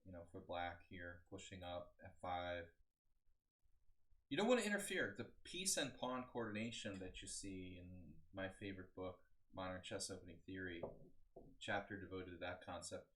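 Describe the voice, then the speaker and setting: A man's voice: sits low, animated, moderate pace, a bit bright. A man in his forties, a chess coach, giving a casual, rambling live-streamed analysis of games and chatting with his viewers. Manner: casual, rambling, talks to chat.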